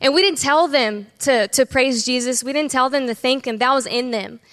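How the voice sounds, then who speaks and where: Woman church leader, storytelling on stage, slightly high voice, big reverberant room. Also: normal speed, a bit bright. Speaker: kids ministry director. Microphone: stage microphone. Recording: long hall reverb.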